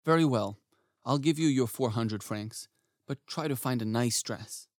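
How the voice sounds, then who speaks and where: Man acting as gentle clerk husband, coaxing, eager to please, audio drama, dry studio sound. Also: mid-range voice, a little slow, no echo, natural voice.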